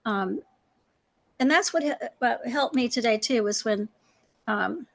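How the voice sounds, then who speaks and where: A middle-aged woman with a slightly high voice shares personal reflections as a panel guest. She talks earnestly, with many ums and uhs, and acts out remembered conversations. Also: expressive, unhurried. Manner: earnest, full of fillers, retells dialogue.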